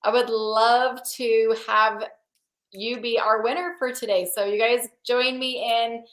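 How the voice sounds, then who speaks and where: A woman's voice: on the high side, steady tone, unhurried, fairly bright tone, reverberant, poor audio. A woman hosting a video call, chatting casually and with enthusiasm. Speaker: host.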